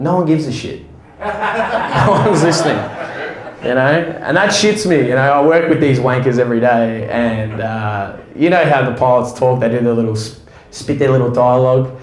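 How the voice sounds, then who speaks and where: An Australian man working through a stand-up set in a loose, self-deprecating way, with swearing scattered through his lines. His voice sits in a middling register. A small room adds a noticeable echo. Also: mid-range voice. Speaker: stand-up comedian. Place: small room at a fringe festival show.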